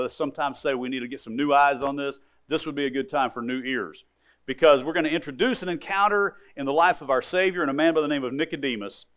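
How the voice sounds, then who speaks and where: A man's voice: medium pitch, fairly bright tone. A middle-aged male pastor preaching a sermon, telling stories, repeating phrases and speaking directly to his congregation as he builds to emphatic points.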